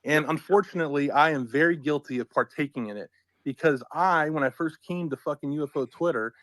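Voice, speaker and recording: A man's voice: fairly high pitch, brisk, a bit bright, dry recording, rough recording. A man in casual online chat, talking heatedly and swearing often. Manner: swearing, worked up.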